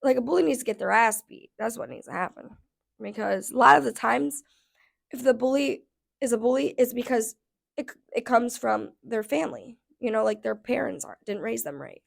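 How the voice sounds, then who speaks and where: Gravelly-voiced woman ranting, blunt and profane. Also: a little high, brisk. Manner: blunt and profane, heavy filler "like". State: voice going hoarse. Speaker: vlogger. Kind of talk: casual storytime rant.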